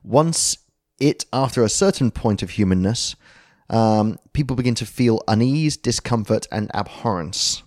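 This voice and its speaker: A man's voice: mid-range voice, expressive, measured pace, darkish tone, no room sound, studio quality. A man co-hosting a podcast, explaining a concept in casual chat, rambling and correcting himself with jokes along the way. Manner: jokey, rambling, self-correcting. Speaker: podcast co-host.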